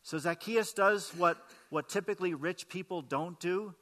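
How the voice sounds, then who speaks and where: Guy preaching a sermon, high bright voice, chatty, keeps asking the crowd stuff, long echo. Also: moderate pace. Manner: conversational, asks the congregation questions. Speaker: pastor. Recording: long hall reverb.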